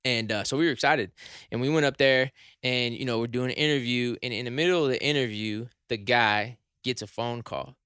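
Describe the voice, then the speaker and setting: A young man tells a story in a relaxed chat, his bright, crisp voice climbing higher and louder as the tale turns to shock. The sound is close and dry, with no room in it. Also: fairly quick, no room sound. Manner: animated, rises high and loud when shocked. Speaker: podcast co-host.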